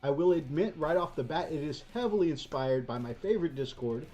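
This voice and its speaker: A man hosting a casual livestream, relaxed, with lots of fillers, reading out chat comments. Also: a little high, brisk, highs cut off. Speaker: host.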